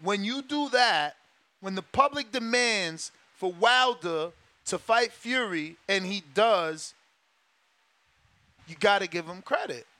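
A man's voice: high-pitched, lively intonation, takes it slowly, bright, forceful tone, no room sound. A man hosting a boxing talk show, ranting in a casual, emphatic way, swearing and repeating his points. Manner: emphatic, profane, repeats himself.

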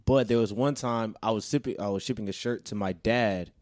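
A man's voice: lowish voice, fairly quick, a little mellow, dry recording. A man in casual chat with blunt, profane reactions.

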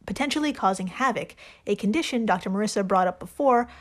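A woman's voice: medium pitch, expressive, fast. A woman hosting a casual chat podcast, telling facts playfully and laughing often. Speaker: podcast host.

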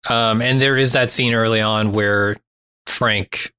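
Male podcast co-host, low pitch, bright, tense tone, opinionated and loose. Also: steady tone, slow, clean tone. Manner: opinionated, laughs easily. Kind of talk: casual film discussion.

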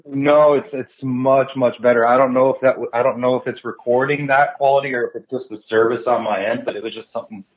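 A man's voice: mid-range voice, fairly even intonation, a little fast. Chill guy calling in to a podcast, muffled lo-fi phone sound. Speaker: podcast co-host on a phone call. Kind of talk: casual chat over a phone call. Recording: dull lo-fi phone call.

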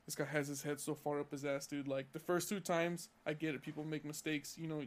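A man's voice: on the high side, flat delivery, a little fast. A young man from California on a casual podcast, telling a profane, heated story about work. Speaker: podcast co-host.

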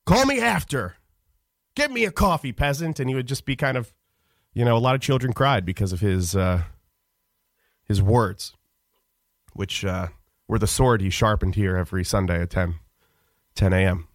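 A man telling a rambling, mock-solemn comic story on a radio show, halting with many fillers. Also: sits low, dry recording, studio quality. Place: radio studio.

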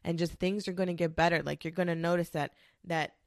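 A woman's voice: lowish voice, steady tone, brisk, no echo, studio quality. A woman in her twenties hosting a casual solo podcast, rambling and sassy with lots of swearing and fillers. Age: 20s. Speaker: podcast host.

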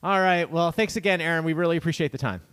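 A man's voice: on the high side, quick pace, a bit bright, smooth. A man co-hosting a podcast in casual chat, giggly and chatty, reading notes aloud. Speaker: podcast co-host.

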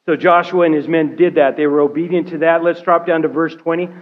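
High-voiced pastor preaching conversationally. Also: male voice, flat delivery, a little fast, lo-fi sound. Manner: conversational preaching, often checking in with "right?" and "okay?". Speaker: care pastor. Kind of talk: sermon. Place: church sanctuary.

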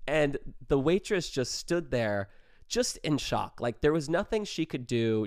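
A man's voice: medium pitch, animated, normal speed, dry recording, studio quality. A man telling a wild party story in a casual vlog, rambling, swearing and filling with "like". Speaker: vlogger.

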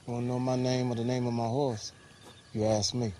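Man playing cool defiant rider, taunting, dark mellow voice, film drama. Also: mid-range voice, level tone, moderate pace, slight background noise, lightly acted.

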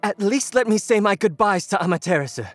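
A woman's voice: medium pitch, expressive, fairly quick, dry recording, faint music behind, natural voice. A woman voicing a scheming young male storm god in an audio drama, mock-polite and sly. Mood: pleading.

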